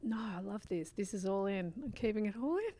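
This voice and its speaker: A woman hosting a chat podcast, quick with teasing banter. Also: medium pitch, animated, warm tone. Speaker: podcast host. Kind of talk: casual chat interview.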